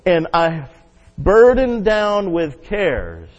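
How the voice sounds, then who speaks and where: A man preaching a sermon, leading the congregation in call-and-response and rising loud on key points. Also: sits high, huge pitch swings, very slow. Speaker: pastor. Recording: muffled sound with long hall reverb.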